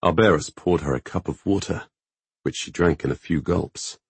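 Brief: male audiobook narrator, deepest of voices, dry close sound, steady. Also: normal speed, breathy edge, dry recording. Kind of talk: scripted fantasy narration.

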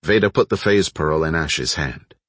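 A man narrating an audiobook in a steady, even storytelling manner. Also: rumbling low, moderate pace, no room sound. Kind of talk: scripted narration.

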